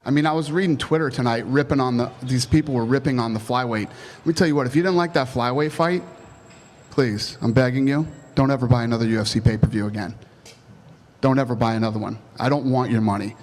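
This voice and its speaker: A man's voice: medium pitch, quick pace, darkish tone. A middle-aged man ranting bluntly and profanely at a press conference as a sports promoter.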